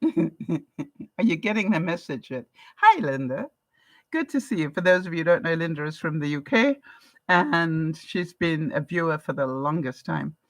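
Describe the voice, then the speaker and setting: Reading her viewers' comments out loud and laughing a lot, this older vlogger from England keeps her live-stream chat casual. She speaks animatedly at a moderate pace in an English accent, her voice sitting low, with no room sound.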